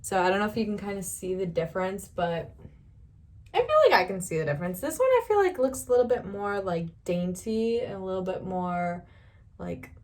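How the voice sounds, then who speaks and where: A young woman talks through a beauty tutorial in a loose, rambling way, stopping now and then to laugh. Her pitch sits in the middle and she keeps telling her viewers not to worry. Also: very animated, fairly quick. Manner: chatty, rambling, reassuring, laughs often. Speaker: beauty vlogger. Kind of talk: casual makeup tutorial.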